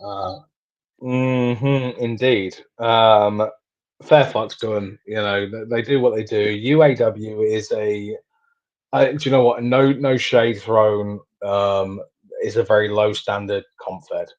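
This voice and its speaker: A British man hosting a casual online chat, swearing freely and pausing often with ums. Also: fairly low pitch, fairly even intonation. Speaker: host. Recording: slightly dull lo-fi audio.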